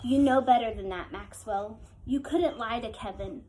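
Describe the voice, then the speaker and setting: A woman reading the lines of a weary, sympathetic middle-aged woman doctor in an audiobook, with a soft, lowered delivery. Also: moderate pace, a little hiss or hum, close to an everyday voice, poor audio. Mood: gentle.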